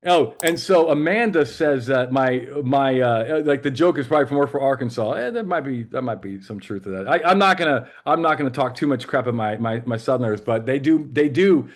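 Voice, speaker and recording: A man's voice: medium pitch, animated, a little fast, few pauses. A man teaching police law in a live webinar, conversational and joking, with many fillers and restarts. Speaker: legal trainer for police.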